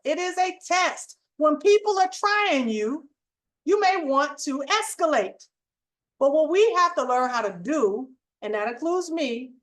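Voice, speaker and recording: A middle-aged woman with a high, bright voice tells a story to her viewers. She delivers it in an emphatic, animated way. Her talk is conversational but preachy, and she hosts her own channel. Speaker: channel host.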